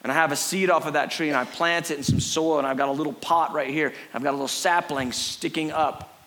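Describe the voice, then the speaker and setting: A middle-aged man preaching a sermon on a church stage, animated and earnest, acting out little scenes for his listeners. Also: brisk. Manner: animated, acts out a frantic crowd in a high put-on voice. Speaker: pastor. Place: church stage before a congregation.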